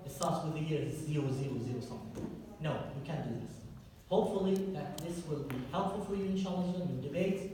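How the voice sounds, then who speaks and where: A man's voice: fairly high pitch, brisk, warm tone. A man delivers an emphatic history lecture, stacking up repeated points. His voice is caught from a distance in a large, very echoey hall with a long reverb, and a faint noise sits underneath. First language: Arabic.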